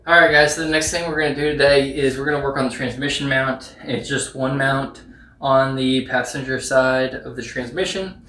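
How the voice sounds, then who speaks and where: A man with a flat, level delivery walks through a repair job in a casual how-to style, filling his talk with "like" and "um." His voice bounces around an echoey garage workshop. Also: mid-range voice, normal speed, recorded from a distance. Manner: rambling, many fillers like "like" and "um". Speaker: YouTuber restoring a truck.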